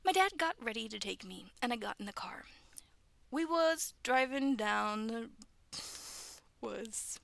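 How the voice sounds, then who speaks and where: Reading stories to viewers on video, this young creator trips over the words and stops for self-deprecating, chatty tangents. Her voice is a little high and a bit bright, with vocal fry, and she's animated yet measured, pausing often, on a dry recording.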